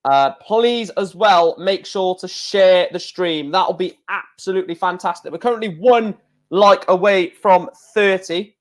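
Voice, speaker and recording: A man hosting a casual live stream, talking in an excitable, rambling way with many restarts. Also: high voice, a little slow.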